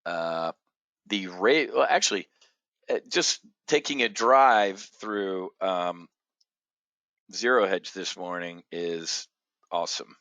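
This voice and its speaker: A man hosting an opinionated market commentary show, blunt and combative, jumping from loud outbursts to low muttering. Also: slow, pauses often, no room sound. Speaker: options trading show host.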